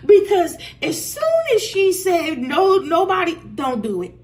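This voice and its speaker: Animated woman reading tarot, slow. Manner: candid and profane, swinging from loud outbursts to low muttering. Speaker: tarot reader.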